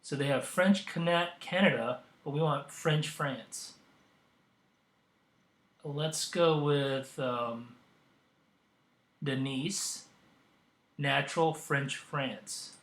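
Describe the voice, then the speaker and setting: A man hosting a software tutorial, demonstrating as he goes and pausing often with ums and uhs. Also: medium pitch, reverberant. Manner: hesitant, with frequent ums and uhs. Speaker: tutorial host. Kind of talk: screen-recorded software tutorial.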